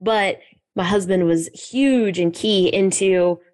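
A woman's voice: mid-range voice, takes it slowly. A woman hosting an interview podcast who chats casually and backs up her guest with frequent affirmations. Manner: warm affirming listener, frequent "mm-hmm". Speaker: podcast host.

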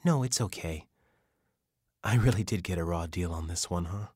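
A man voicing a grieving young mother who speaks softly and guardedly in an audiobook. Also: sits low, moderate pace, slightly rough, no echo, studio quality. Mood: subdued.

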